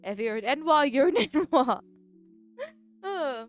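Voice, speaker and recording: A woman's voice: high voice, expressive, normal speed, soft background music. A woman streaming live in casual chat, talking bluntly and directly, with a stuffy nose.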